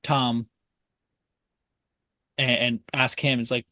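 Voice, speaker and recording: Slow, hesitant tabletop player. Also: mid-range voice, flat delivery, pushed and bright, dry recording. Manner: hesitant, many fillers. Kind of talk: tabletop game play.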